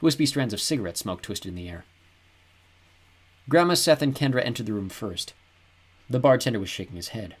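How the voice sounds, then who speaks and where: A man reading a novel aloud as an audiobook narrator, in an even, descriptive storytelling manner. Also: medium pitch, a little fast, pauses often, husky. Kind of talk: scripted narration.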